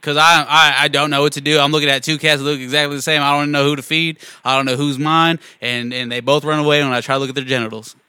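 A man co-hosting a podcast talks casually and pulls a prank call, stammering through restarts and laughing often. His voice is bright, crisp and a bit high. The recording is dry and close. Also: level tone, fast, few pauses, no room sound. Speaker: podcast co-host and prank caller.

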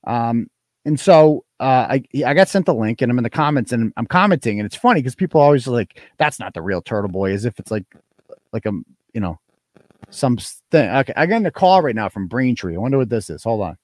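A man's voice: medium pitch, big pitch swings, brisk, dry recording. A man hosting a live stream, reading donations and ranting in a profane, mocking, combative way. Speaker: live show host.

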